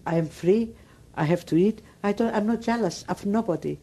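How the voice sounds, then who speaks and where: Older woman from Greece, Greek accent, non-native English, warm low-bright tone, emphatic oral-history speaker. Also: moderate pace, husky. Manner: broken English, emphatic and repetitive storytelling. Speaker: Holocaust survivor interviewee.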